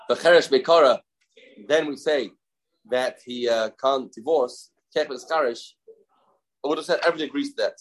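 A man leading a daily Talmud class, his voice sitting a little higher than most men's. He explains quickly, drops in Aramaic terms and often restarts his sentences as he works through the passage. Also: rough recording. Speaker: Talmud teacher.

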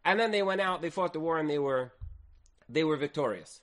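A man giving an animated Torah lesson, telling the story dramatically and acting out quoted speech with swings in loudness. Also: fairly high pitch, fairly quick. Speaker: Torah teacher.

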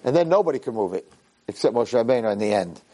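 A middle-aged man, a rabbi, giving a lively Torah lecture to a class and acting out the voices in his stories. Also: medium pitch, quick pace. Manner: animated storyteller who acts out voices and cries out quoted lines.

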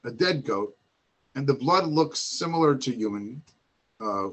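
A man voicing a wise older father calmly instructing his son in a retold Torah story. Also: mid-range voice, a little slow, husky, pitched below the performer's own voice. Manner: calm, instructive.

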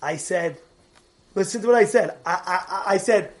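A male rabbi giving a sermon in an animated, repetitive way that sometimes bursts into shouting. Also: sits high, moderate pace.

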